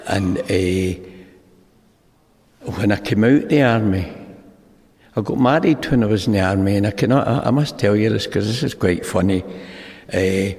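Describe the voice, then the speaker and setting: Older Scottish man, gravelly, echoing hall. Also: fairly low pitch, normal speed, pauses often, darkish tone. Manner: rambling storyteller who acts out the dialogue. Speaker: speaker sharing at a recovery meeting. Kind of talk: personal testimony talk. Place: large meeting hall. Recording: long hall reverb.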